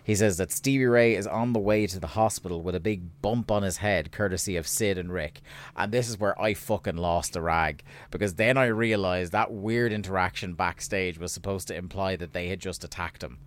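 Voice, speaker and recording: A man co-hosting a casual podcast recap, sweary and sardonic, getting animated when he rants. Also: deep voice, a little fast. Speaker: podcast co-host.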